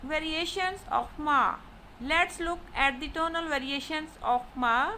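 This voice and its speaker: A woman teaching a language lesson, giving careful instructions and repeating drawn-out model syllables for the learner. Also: high-pitched, pushed and bright, slight background noise, low-quality recording. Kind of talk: slow recorded lesson.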